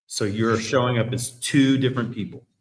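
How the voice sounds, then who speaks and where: A man's voice: mid-range voice, steady tone, fairly quick. A man talking candidly in a podcast conversation, blunt and reflective, swearing freely. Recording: roomy echo.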